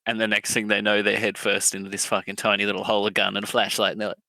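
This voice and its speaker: A man casually telling stories with lots of swearing, now and then acting out quotes in a loud, high voice. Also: monotone, racing, creaky, no room sound. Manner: swears a lot, acts out quotes in a loud high drill-sergeant voice. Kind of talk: casual chat.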